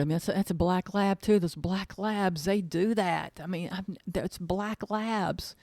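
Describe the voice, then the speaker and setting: A woman's voice: on the low side, moderate pace, few pauses, darkish tone, no echo. A woman hosting her own podcast as an author, chatting casually in a gushing, rambling way and repeating words for emphasis. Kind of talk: casual chat.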